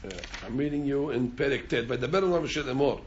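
A man's voice: medium pitch, quick pace, lo-fi sound, slight background noise. A man teaching an informal Torah class, repeating words as he restarts and chanting Hebrew verses.

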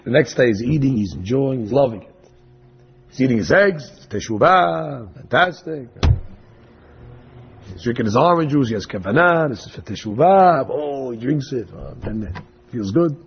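A man preaching through an animated, dramatic parable in a raspy voice. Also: medium pitch, normal speed, muffled recording, a little hiss or hum. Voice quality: raspy, gravelly. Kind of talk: storytelling sermon.

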